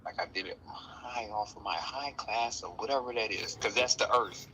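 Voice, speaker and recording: A man giving a casual spiritual talk, playful and animated, often acting out other people's voices. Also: mid-range voice, moderate pace, slight background noise, low-quality recording. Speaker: guest speaker.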